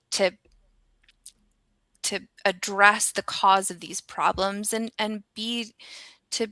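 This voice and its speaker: A woman's voice: medium pitch, dry recording. An American woman, a scientist, chatting casually with many ums and restarts. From United States. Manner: animated, frequent ums and restarts. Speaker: scientist and regular guest. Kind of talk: casual chat.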